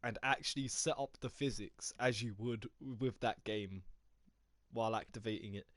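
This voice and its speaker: A man's voice: fairly low pitch, moderate pace, fairly bright tone, no room sound. A man in casual chat with friends, explaining ideas earnestly and growing emphatic when challenged. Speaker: gaming chat co-host.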